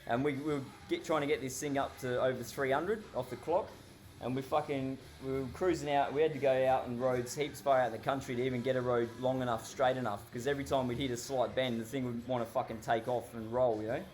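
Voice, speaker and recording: A man's voice: medium pitch, fairly even intonation, quick pace, a little mellow. An Australian man telling a story casually, rambling and swearing constantly, often laughing. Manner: heavily profane, rambling, laughs while telling.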